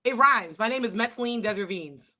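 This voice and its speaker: A woman comedian from New York, a guest chatting in a casual interview, playful and quick to laugh. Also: fairly high pitch, lively intonation, bright, forceful tone.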